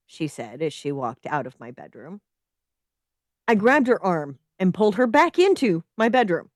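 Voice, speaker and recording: A woman's voice: fairly low pitch, very animated, moderate pace, dry recording, studio quality. A woman hosting a live-stream podcast, reading a story submission aloud with dramatic flair and stopping to react.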